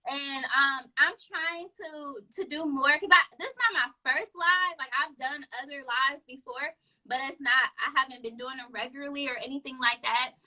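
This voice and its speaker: Chatty woman therapist with a very bright voice. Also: high-pitched, normal speed, low-quality recording. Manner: chatty, laughs often, restarts sentences. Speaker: therapist, guest. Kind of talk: casual live-stream chat.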